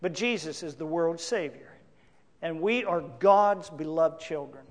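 A male pastor preaching a sermon, emphatic, with big swings between loud declarations and quiet asides. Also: fairly high pitch, measured pace, long reverb tail.

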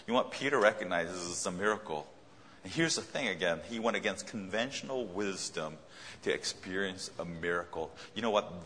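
A man's voice: lowish voice, fairly bright tone, in a large hall, slight background noise. A man preaching a sermon in a conversational way, often repeating his key phrases.

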